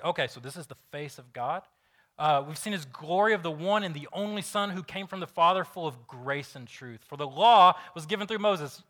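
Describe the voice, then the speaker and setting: A man's voice: a little high, pushed and bright. A man in his thirties preaching a sermon in a conversational, storytelling way, often restarting sentences. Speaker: pastor.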